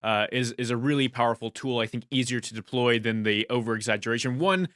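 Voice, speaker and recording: Bright-voiced male podcast host. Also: medium pitch, quick pace, smooth, dry recording, studio quality. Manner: long, winding questions with restarts. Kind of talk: interview questions.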